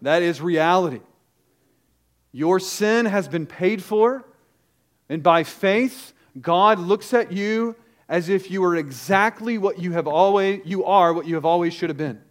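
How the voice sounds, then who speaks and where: A man preaching a sermon to his congregation with emphatic, urgent delivery, hitting key words hard and dropping into quick asides. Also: high voice. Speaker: pastor.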